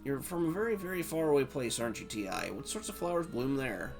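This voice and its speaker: A man reading game dialogue aloud as a gentle, wistful female doll who tends flowers, with soft lilting rises. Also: mid-range voice, lively intonation, quick pace, faint music behind, close to an everyday voice.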